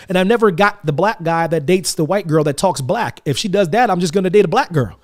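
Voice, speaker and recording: Animated man telling stories on a podcast. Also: high-pitched, brisk. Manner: animated storytelling, acts out quotes. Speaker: podcast host. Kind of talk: casual podcast chat.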